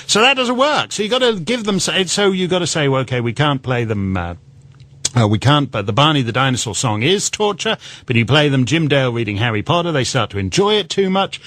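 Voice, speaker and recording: A man's voice: on the high side, very animated, brisk, fairly bright tone, dry recording. A man guest-hosting a talk radio show, rambling through mocking political commentary and cracking himself up with laughter. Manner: rambling and mocking, breaks into laughter, puts on silly voices for quotes.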